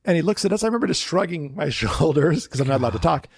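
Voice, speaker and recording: A man in casual podcast chat, telling a story with lively acted-out quotes. His voice sits a little on the high side. The sound is dry and close, with no room around it. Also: fast, slightly rough, no echo. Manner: animated storyteller acting out quotes in raised voices. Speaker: podcast co-host, former theme park worker.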